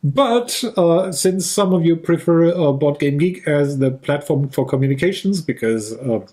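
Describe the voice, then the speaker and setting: A man's voice: fairly high pitch, expressive, moderate pace, mellow. Goofy man rambling. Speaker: podcast co-host. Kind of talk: casual chat.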